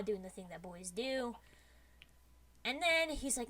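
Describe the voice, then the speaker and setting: A woman streamer telling a spooky story to her chat in a casual, lively way, with many "like" fillers as she builds suspense. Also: mid-range voice, a little slow.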